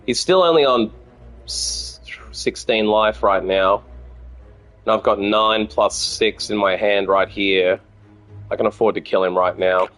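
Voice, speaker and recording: Swearing Australian streamer thinking aloud. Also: male voice, on the low side, unhurried, fairly bright tone, soft background music. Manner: thinks aloud, swears freely, chats with viewers. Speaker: game streamer. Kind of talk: casual gameplay commentary.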